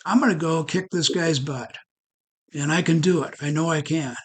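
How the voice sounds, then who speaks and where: A man's voice: fairly high pitch, moderate pace, husky. A man voicing a young shepherd boy, bold and sure of himself, in a plain storytelling voice. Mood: determined.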